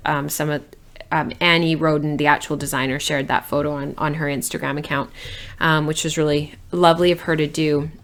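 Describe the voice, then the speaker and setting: A woman hosting a knitting video, chatting casually with many ums and restarts as she shows off her work. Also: deep voice. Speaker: knitting podcast host. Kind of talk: casual show-and-tell chat.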